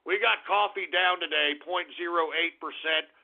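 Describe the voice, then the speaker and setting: A man's voice: high-pitched, normal speed, vocal fry. Brash profane male radio host. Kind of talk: irreverent call-in radio monologue. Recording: tinny phone-line radio stream.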